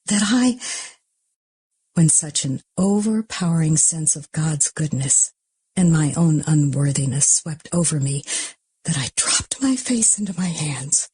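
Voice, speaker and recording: A woman reads an audiobook in a husky, breathy voice, dropping often into a half-whisper. Her tone is mellow and low-pitched, and the sound is dry and close. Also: dry recording. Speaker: audiobook narrator. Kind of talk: audiobook reading.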